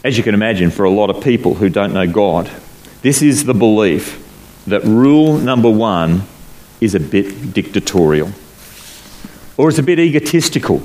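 Male pastor preaching with animated emphasis. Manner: emphatic, swings between low solemn and raised animated delivery; slows down to stress scripture phrases. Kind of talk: sermon. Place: church hall before a congregation.

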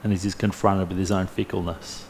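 Low gravelly guy preaching, chatty storytelling with jokes, faint hum behind. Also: a little fast. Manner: lively storytelling with humorous asides. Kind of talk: sermon.

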